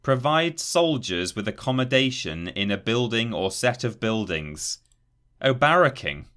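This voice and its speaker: A man's voice: mid-range voice, very animated, unhurried, a bit bright. A man co-hosting a podcast, reading gaming news aloud in casual chat and stumbling over words. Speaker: podcast co-host.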